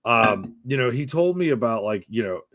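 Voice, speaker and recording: A man's voice: medium pitch, normal speed, vocal fry, no echo. A man hosting a casual podcast, telling a story with lots of swearing and acting out the other people's lines. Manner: profane, animated storyteller acting out quotes. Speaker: podcast host.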